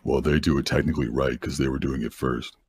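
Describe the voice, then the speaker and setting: A man musing slowly and deadpan in casual voice-chat banter, tossing out gamer jokes. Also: rumbling low, slightly rough, no echo. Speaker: guest on a livestream voice call.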